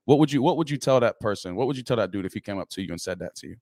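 A man's voice: on the low side, expressive, a little mellow, no room sound, clean studio sound. A man hosting a podcast, asking questions in a casual, slangy way full of fillers. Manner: casual, fast, slangy fillers like "you know what I'm saying". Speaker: podcast host.

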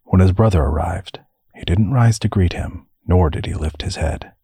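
A man narrating a fantasy audiobook story in a measured storytelling way. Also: low-pitched, dark tone, breathy edge, no room sound.

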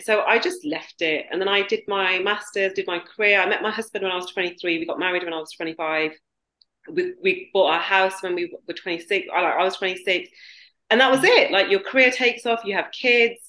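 A woman's voice: mid-range voice, brisk. British woman, 40s, tells a story with lots of energy, roomy sounding mic. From Britain. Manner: animated, emphatic storyteller. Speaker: guest, business founder. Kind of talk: casual storytelling chat. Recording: roomy echo.

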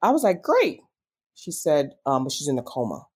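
A woman's voice: very deep voice, quick pace, slightly rough. A young adult woman as an interview guest, telling a personal story with feeling and acting out quoted dialogue. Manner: emotional, animated retelling with quoted dialogue.

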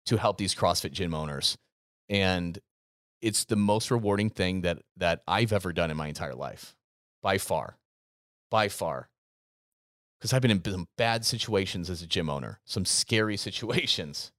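A man with a fairly low voice talks in a casual podcast chat, earnest and emphatic, circling back over his words. The sound is dry and close to the mic. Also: a little slow, a bit bright, no echo. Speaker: podcast co-host, gym business coach.

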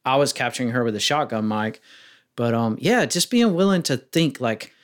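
A man's voice: mid-range voice, moderate pace. Chatty man acting out quoted questions. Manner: rambling, acts out quoted questions in a lively voice. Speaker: wedding filmmaker guest. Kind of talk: casual podcast interview.

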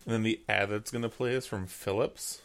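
A man's voice: lowish voice, steady tone, brisk. A man co-hosting a podcast, teasing his friend in jokey, profane banter. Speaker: podcast co-host.

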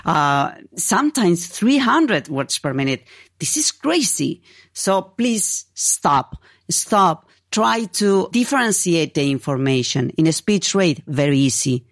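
Low-voiced woman professor. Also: lively intonation, measured pace, no room sound, clean studio sound. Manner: emphatic, repeats words for stress. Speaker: media psychology professor. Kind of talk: interview explanation.

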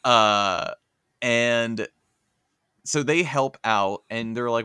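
A man hosting a podcast, casually recapping a cartoon episode with animated, joking storytelling. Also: mid-range voice, slow, clean tone, no room sound, clean studio sound. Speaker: podcast host.

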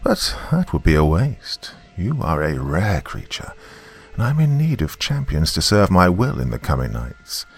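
A man voicing an ancient giant river serpent, a male, low, distant voice that talks down with imperious contempt. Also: wildly swooping pitch, measured pace, vocal fry, slightly rough, heavily acted. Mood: commanding.

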